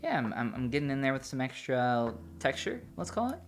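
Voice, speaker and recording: A man's voice: medium pitch, big pitch swings, brisk, a little hiss or hum. A man chatting casually and teasing his co-host while they draw together. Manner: playful, teasing, jokey. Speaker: co-host drawing with a partner. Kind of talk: casual chat while drawing.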